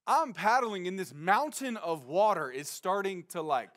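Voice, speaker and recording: High-voiced animated young pastor. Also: male voice, moderate pace. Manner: animated, acts out quotes with slang and shouting. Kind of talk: sermon storytelling.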